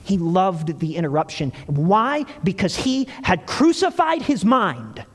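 A man preaching a sermon, telling stories with animated delivery and acting out quoted lines. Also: high voice, unhurried, long reverb tail. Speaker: pastor.

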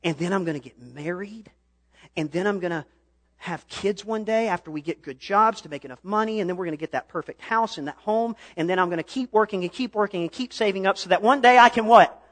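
High-voiced young male preacher. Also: brisk. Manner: storytelling, builds to impassioned shouting. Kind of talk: sermon. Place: church stage.

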